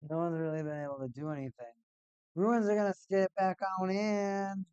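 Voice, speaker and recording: A man with a slightly high voice talks casually through a hockey watch-party stream. He rambles and repeats himself in an easygoing way. The sound is dry and close, with no room echo, from a desk mic at home. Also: flat delivery, moderate pace, a little mellow, clear, resonant tone, muffled recording. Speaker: live-stream host.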